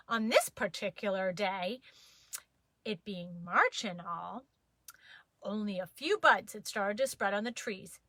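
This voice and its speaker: A woman reading a children's story aloud, playful and expressive. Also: mid-range voice, dry recording.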